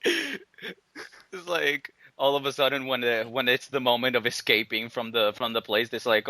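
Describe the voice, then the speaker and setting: A man's voice: medium pitch, moderate pace, pushed and bright, no room sound. A man riffing on jokes in casual chat, laughing often. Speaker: podcast guest.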